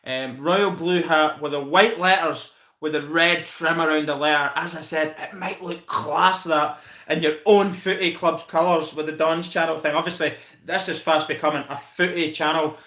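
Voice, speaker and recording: A man's voice: fairly high pitch, bright, forceful tone, echoey room. A Scottish man hosting a casual live stream, chatting with viewers, thanking them by name and calling them mate. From Scotland. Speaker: channel host reviewing football.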